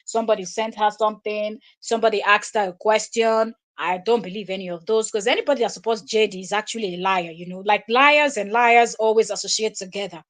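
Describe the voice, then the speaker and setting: A woman's voice: medium pitch, a little fast, few pauses. A woman hosting a live stream, commenting scornfully on clips she plays from another creator. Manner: scornful, laughs loudly and mocks. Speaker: live stream host reacting to videos. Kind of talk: commentary on a played video.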